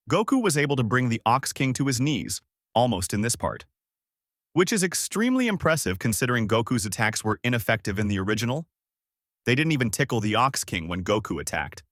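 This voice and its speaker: A man narrating a fan story in a plain, steady reading style. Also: mid-range voice, no room sound, clean studio sound.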